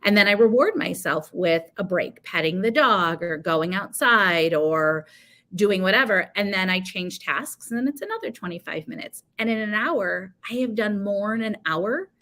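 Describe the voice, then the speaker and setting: A woman's voice: medium pitch, lively intonation, normal speed, bright, forceful tone. A woman talking as a guest on a teaching podcast, her voice sitting in a middle range. She explains practical tips in a chatty, conversational way. She leans on homely everyday examples. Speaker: guest speaker on teacher coaching. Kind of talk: conversational advice-giving.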